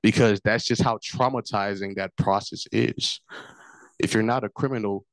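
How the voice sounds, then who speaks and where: A man from Africa speaks in a low voice, earnest and steady, looping back to the same memories again and again. The sound is dry and close, with no room around it. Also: moderate pace, no room sound. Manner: earnest, repetitive storytelling. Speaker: forum speaker. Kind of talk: personal testimony.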